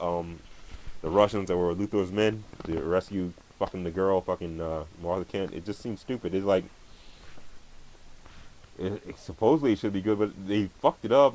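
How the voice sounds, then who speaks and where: A man's voice: medium pitch, low-quality recording. A man ranting about movies in a profane, rambling way, often stumbling and restarting his words. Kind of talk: angry profane movie rant.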